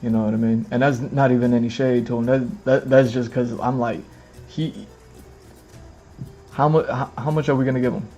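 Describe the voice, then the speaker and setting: A man's voice: medium pitch, steady tone, moderate pace, mellow, highs cut off, soft background music. A man chatting casually on a livestream to his camera, rambling, repeating phrases and filling gaps with "you know what I mean". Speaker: streamer. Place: indoors in front of a camera with lights.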